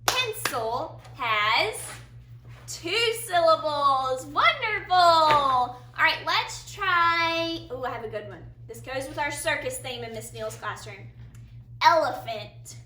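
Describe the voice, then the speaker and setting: A high, lively woman's voice that swoops through a phonics lesson for small children, slow and sing-song, with big warm praise after each answer. The tone is bright and clear. Her voice carries the roomy echo of a classroom, heard from a little way off the mic over a faint hiss. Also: far from the mic. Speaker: teacher.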